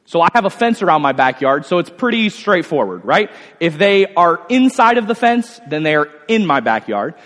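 Pastor in his thirties, slightly high voice, animated sermon delivery with rhetorical questions, long church-hall reverb. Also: normal speed, few pauses. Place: church sanctuary.

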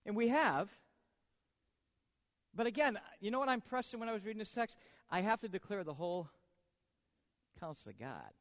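A male pastor preaching a sermon, swinging from hushed to loud and tossing rhetorical questions at the congregation. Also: high-pitched, animated, fairly quick, long reverb tail.

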